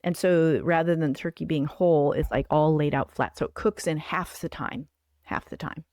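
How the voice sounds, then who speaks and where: A woman's voice: deep voice, fairly even intonation, moderate pace, a little mellow, no room sound. Older female livestream host, chatty and rambling with lots of fillers; dry, close sound. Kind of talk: casual chat.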